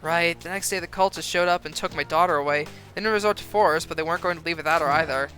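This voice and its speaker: A man doing an anxious, pleading middle-aged mother, pitched high with a bright, forceful edge. She sounds earnest and close to breaking. Faint game music sits behind her. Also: fast. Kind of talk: reading game dialogue aloud on a stream.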